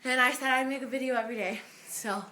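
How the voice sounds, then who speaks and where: A woman's voice: high voice, fairly even intonation, fast, sharp tone. A young woman house-sitting, out of breath, chatting and cooing at pets while she films indoors on a handheld camera. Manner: bubbly, talking baby talk to pets. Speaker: vlogger. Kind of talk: casual home vlog.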